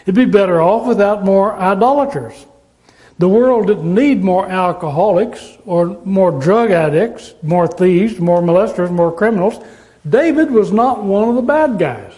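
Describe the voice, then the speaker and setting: A man's voice: high voice, expressive, a little slow, dark tone. A man preaching a sermon in an earnest, emphatic way, asking rhetorical questions.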